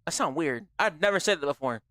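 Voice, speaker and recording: A man's voice: on the high side, lively intonation, fast talker, a bit bright, no echo. A man streaming a game live, chatting brashly with his viewers, swearing and joking as he plays. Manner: brash, profane, joking, talks straight to chat. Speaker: gaming streamer. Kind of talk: casual livestream chatter.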